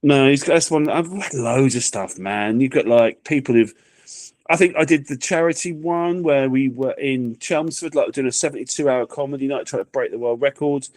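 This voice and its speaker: A man's voice: mid-range voice, moderate pace, darkish tone, no echo. A man chatting casually as a comedian guest, telling anecdotes with acted-out quotes. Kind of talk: casual chat, storytelling.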